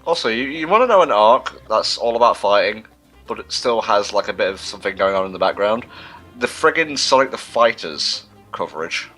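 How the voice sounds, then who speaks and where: Male stream co-host, lowish bright voice, chatty, reads chat aloud. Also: animated, fairly quick, faint music behind. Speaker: livestream co-host reading chat. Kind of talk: casual gaming livestream chat.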